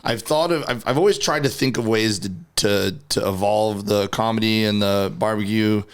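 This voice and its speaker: Casual podcast host, low-pitched man, earnest, stumbles and repeats words. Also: normal speed, clear, resonant tone. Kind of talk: casual interview chat.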